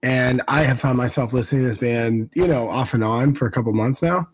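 A man's voice: mid-range voice, brisk, husky. A man co-hosting a podcast, chatting casually about music recommendations in an easygoing, slightly hesitant way. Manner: easygoing, hesitant, self-correcting. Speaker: podcast co-host. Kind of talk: casual chat.

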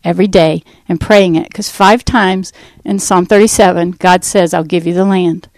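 A woman from the United States telling her life testimony, acting out the dialogue in lively fashion. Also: lowish voice, normal speed, no room sound, rough recording. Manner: animated storyteller acting out dialogue. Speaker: ministry founder giving testimony. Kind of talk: personal testimony talk.

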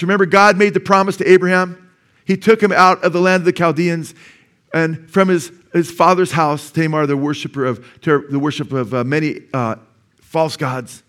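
A man's voice: a little high, fairly even intonation, normal speed, fairly bright tone. A man preaching a sermon as pastor in a church, earnest and conversational, often asking the congregation "amen?" and restarting words.

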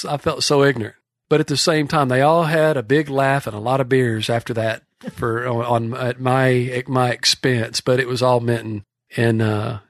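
A man's voice: medium pitch, creaky, dry recording, studio quality. A man from Texas with a Texan accent, a horse trainer telling folksy, rambling stories on a podcast. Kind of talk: casual podcast storytelling.

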